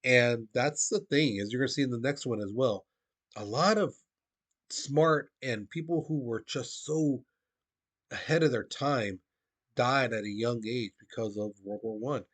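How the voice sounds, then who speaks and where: A man's voice: mid-range voice, unhurried, a bit bright. A male history teacher giving a casual, conversational classroom lecture, talking to his students as "guys". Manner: conversational, addresses listeners as "guys", frequent restarts.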